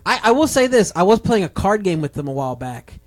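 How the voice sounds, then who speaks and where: A man's voice: high-pitched, fast talker. A young man co-hosting a casual podcast among friends, telling stories loosely and swearing freely while acting out what his friends said. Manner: animated, swears a lot, acts out friends' voices. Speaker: podcast co-host. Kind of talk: casual chat, storytelling.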